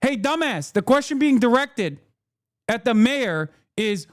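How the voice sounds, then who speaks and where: A man's voice: very high-pitched, sing-song, a little slow. A man livestreaming his reactions to news clips, ranting in a heated, profane and sarcastic way. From United States. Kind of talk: live reaction commentary.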